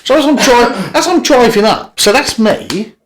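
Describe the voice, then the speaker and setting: A man's voice: extremely high pitch, expressive, moderate pace. Sweary man spinning yarns. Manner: rambling, sweary storytelling with many restarts. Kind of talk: casual podcast chat.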